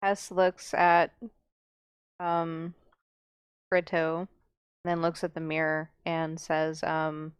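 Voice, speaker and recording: A woman playing a tabletop game, describing her character's actions in a measured way. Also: low voice, monotone, clean tone, no room sound, clean studio sound. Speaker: player.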